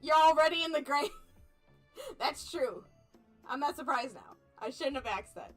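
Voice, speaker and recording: A young woman streamer reading an otome game aloud and chatting with viewers, animated, laughing often and playfully mock-angry. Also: high voice, measured pace, faint music behind. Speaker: VTuber streamer.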